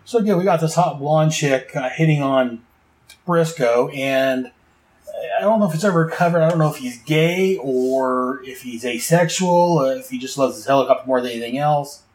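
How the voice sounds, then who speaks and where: A man hosts a laid-back comic review, walking page by page with rambling asides and fillers. His voice sits at an ordinary middle pitch. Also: normal speed, a little mellow, poor audio. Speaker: comic book podcast host.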